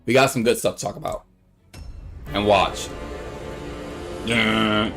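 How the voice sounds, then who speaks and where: A young man on a casual livestream, rambling through a story and acting out the quotes in high voices. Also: moderate pace, creaky, soft background music. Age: young adult.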